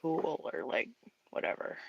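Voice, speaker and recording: A woman's voice: a little slow, dry recording, muffled recording. Chatty Canadian woman, dry close sound. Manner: chatty, laughs easily, self-deprecating. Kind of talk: casual chat while painting on a stream.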